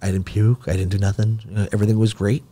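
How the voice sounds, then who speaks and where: A man's voice: on the low side, level tone, very fast, warm tone. A man, a podcast guest telling a long personal story in casual talk and acting out the dialogue.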